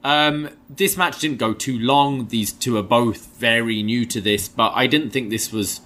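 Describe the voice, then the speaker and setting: A young man co-hosting a review show in casual chat, giving measured opinions with lots of fillers. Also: mid-range voice, bright, forceful tone. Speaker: podcast co-host.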